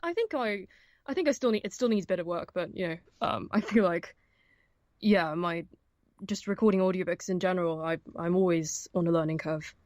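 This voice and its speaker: A woman's voice: lowish voice, expressive, a little fast, darkish tone, no echo, studio quality. A young woman, an audiobook narrator, chatting casually as an interview guest, with many fillers and frequent laughs. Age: young adult.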